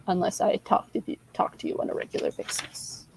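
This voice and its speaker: A woman's voice: mid-range voice, wildly swooping pitch, brisk, creaky, a little mellow, slight background noise, low-quality recording. Rambling candid young woman chatting. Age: 20s. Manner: rambling, loses her train of thought; candid, self-deprecating. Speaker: livestream co-host. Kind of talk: casual livestream chat.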